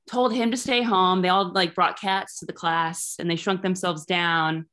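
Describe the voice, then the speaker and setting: A woman in her thirties doing a rambling, deadpan stand-up set over Zoom. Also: lowish voice. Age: 30s. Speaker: stand-up comedian.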